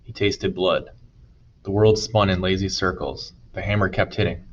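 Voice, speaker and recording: A man narrating an audiobook chapter in a steady storytelling manner. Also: deep voice, normal speed, highs cut off. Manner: steady storytelling, voices dialogue. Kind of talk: scripted narration.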